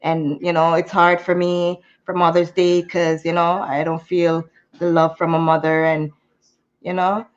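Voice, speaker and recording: A woman, talking through a personal story in an animated, venting way, sometimes slipping into patois. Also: lowish voice, unhurried. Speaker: YouTuber. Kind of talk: candid storytime vlog. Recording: muffled lo-fi sound.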